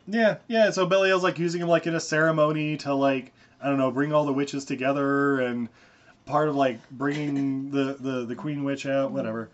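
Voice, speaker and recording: A man's voice: mid-range voice, fairly even intonation, normal speed. A young man hosting a podcast, rambling and laughing through a casual movie recap, sometimes swearing, on a muffled recording. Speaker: podcast host.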